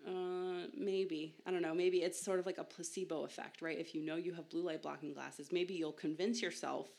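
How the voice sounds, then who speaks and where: Podcast host: young woman, low pitch, casual and self-mocking, laughs easily. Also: vocal fry. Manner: chatty, self-deprecating, laughs often. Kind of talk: casual science podcast talk.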